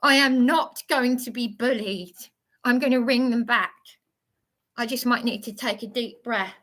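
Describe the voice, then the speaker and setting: A woman on a live stream speaks in a slightly high, somewhat bright voice, unhurried in pace. She's shaken and indignant, worked up and shaky, stumbling over her words in an agitated monologue.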